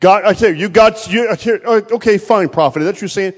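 High-pitched preacher guy in a church, long echo, goes loud then real quiet, acts out little back-and-forths. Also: fast talker, few pauses. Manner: storytelling with acted-out voices, swinging between loud and hushed. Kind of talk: sermon.

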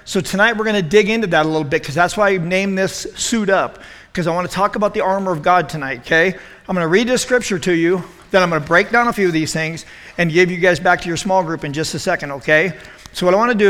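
High, bright-voiced man preaching in a reverberant hall. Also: fast. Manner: animated, acts out quotes, self-deprecating humor. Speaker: youth pastor. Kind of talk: storytelling youth sermon. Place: church youth room.

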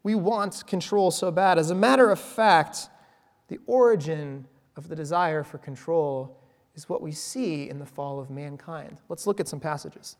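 A man's voice: fairly high pitch, normal speed, big-room sound. A man preaching a sermon in a church, talking conversationally with playful asides to the congregation. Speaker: pastor.

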